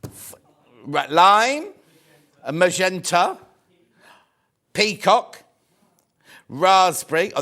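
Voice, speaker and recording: A British man presenting live on a shopping channel, chatting warmly to viewers and reading out their messages, with the odd cough. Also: fairly high pitch. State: coughing, mild throat trouble.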